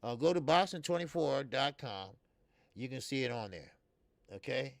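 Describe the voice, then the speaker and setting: A man in his fifties hosting a boxing talk show, swearing freely and rambling with many fillers, jumping between loud emphatic bursts and low mutters. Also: animated, moderate pace, dry recording, studio quality. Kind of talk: casual opinionated commentary.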